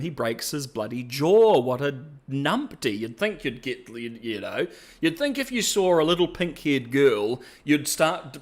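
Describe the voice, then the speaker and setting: A man hosting a podcast and reviewing characters in a chatty, jokey way. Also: a little high. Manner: chatty and jokey, with playful asides. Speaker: podcast host. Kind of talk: casual podcast-style review.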